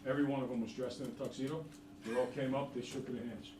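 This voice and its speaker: A man's voice: mid-range voice, steady tone, fast talker, noisy background. A middle-aged man teaching a math class, chatty and jokey, quizzing the students. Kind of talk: classroom lesson. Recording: roomy, from far off.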